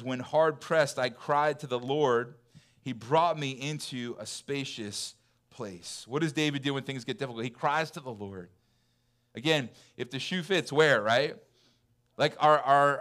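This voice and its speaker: A man in his thirties preaching a sermon in a church, chatty and full of fillers, dropping to soft, intense lows. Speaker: pastor. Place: church hall.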